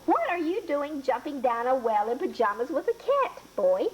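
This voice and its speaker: A woman voicing a gruff, blunt old woman who scolds brusquely. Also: sits high, big pitch swings, normal speed, muffled recording, slight background noise, pitched above the performer's own voice.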